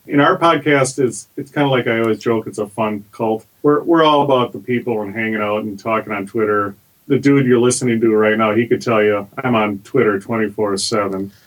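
Man, podcast guest, mid-pitch, relaxed jokey plugger. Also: a little fast, poor audio. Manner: joking, plug-heavy, laid-back. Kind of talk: casual podcast chat.

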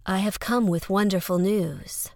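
A woman voicing a serene, graceful male insect-like alien artist, speaking softly and aloofly. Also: medium pitch, fairly even intonation, measured pace, no echo, clean studio sound, natural voice.

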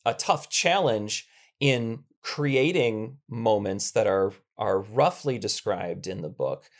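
A man's voice: on the low side, expressive, slow. A man hosting a podcast who talks carefully, thinking aloud and choosing his words. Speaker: podcast host. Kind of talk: casual podcast interview.

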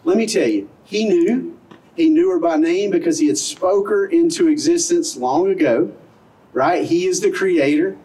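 A middle-aged Southern American pastor preaches outdoors at a parking-lot service, earnest and conversational, asking one rhetorical question after another. His slightly high, warm voice moves at a moderate pace, but it's captured from a distance and the audio is poor.

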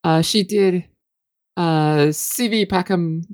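A woman with a slightly low voice co-hosts a casual podcast chat. She talks hesitantly, leans on fillers and laughs often between her thoughts. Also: very slow, darkish tone. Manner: giggly, hesitant, filler-heavy speech. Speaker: podcast co-host.

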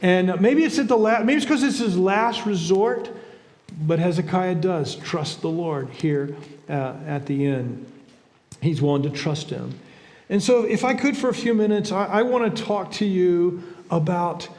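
A pastor preaching in a high voice, conversational and full of rhetorical questions. He often stumbles and repeats words. The sound carries the long reverb of a church sanctuary. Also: measured pace, darkish tone. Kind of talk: sermon.

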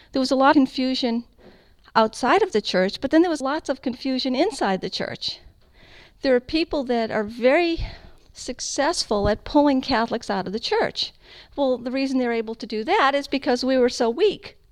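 A middle-aged woman giving a personal faith testimony to an audience, telling her story in a lively, emphatic way. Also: on the high side, dry recording, rough recording. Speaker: founder of a Catholic radio ministry.

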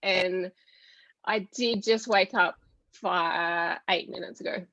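A woman's voice: lowish voice, steady tone, slow, fairly bright tone, no room sound. A woman from Australia, chatting casually and easygoing as a podcast guest. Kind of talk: casual chat.

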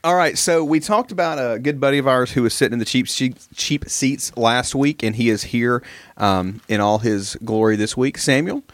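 A man's voice: mid-range voice, normal speed, no room sound. A wry, teasing man hosting a podcast and ribbing his friends. His voice sits mid-range, recorded dry and close. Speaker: podcast host. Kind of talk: casual podcast banter.

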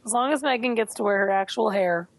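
A woman co-hosting a TV podcast, chatting casually with animated, opinionated remarks. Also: quick pace, dry recording. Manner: animated, opinionated, jumps in pitch. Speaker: podcast co-host. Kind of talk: casual chat.

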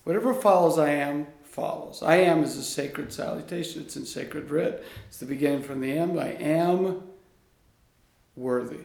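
A man guest in an interview, a coach speaking in an earnest, animated storytelling way. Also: fairly high pitch, normal speed, creaky. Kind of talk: conversational interview. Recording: echoey room.

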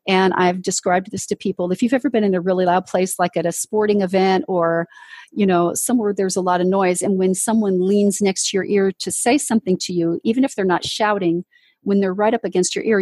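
On an interview show, a female ministry leader earnestly tells her personal testimony like a story, performing the voices of those she quotes. Her voice is medium-pitched and brisk, with a darkish, slightly rough quality, and there's no echo.

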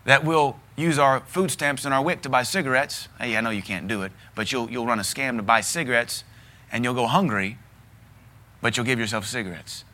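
A man's voice: medium pitch, a little fast, sharp tone. A middle-aged man with a Southern US accent, preaching a sermon in a blunt, emphatic way with lots of repetition. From American South. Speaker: pastor.

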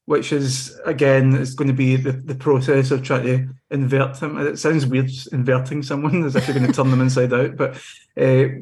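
A man's voice: medium pitch, little pitch movement, normal speed, darkish tone. A young man on a podcast panel, talking football in a casual, rambling way with frequent restarts.

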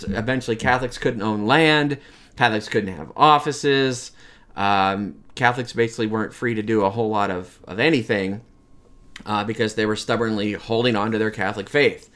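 A man's voice: fairly low pitch, fairly bright tone. Chatty man lecturing on history. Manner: conversational, acts out quoted voices, many restarts. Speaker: history teacher.

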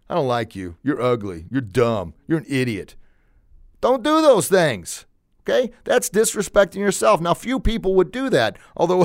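A man's voice: medium pitch, dry recording, studio quality. A man hosting a show, giving a motivational talk in an emphatic coaching tone and repeating phrases for emphasis. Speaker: podcast host.

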